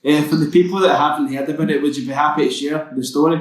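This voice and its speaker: A man's voice: fairly high pitch, fairly even intonation, fast. A man hosting a podcast, asking questions with fillers in a casual interview. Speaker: podcast host. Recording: distant, very echoey room.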